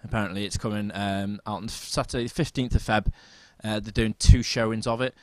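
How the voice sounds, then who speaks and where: A man co-hosting a podcast in casual chat, excitably telling stories and acting out quoted exchanges. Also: fairly low pitch, a little fast, no echo. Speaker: podcast co-host.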